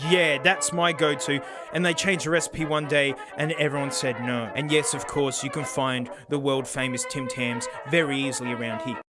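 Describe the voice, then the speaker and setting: A man with a South Australian accent hosting a casual comedic vlog, energetic and slangy, saying "mate" constantly. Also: medium pitch, normal speed, over music. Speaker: video host.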